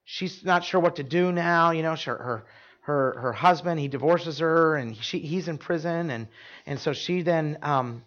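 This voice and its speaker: A man with a high voice preaches earnestly, telling personal stories with emphasis and many restarts. The sound is dull and lo-fi. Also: a little slow, a bit bright. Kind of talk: sermon storytelling.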